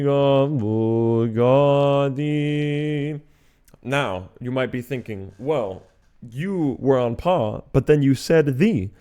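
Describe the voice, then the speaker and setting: Chant teacher, male, calm methodical explainer, smooth resonant tone. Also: medium pitch. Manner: patient, methodical explanation, breaking into sung syllables. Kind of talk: chant lesson, explaining and singing note names.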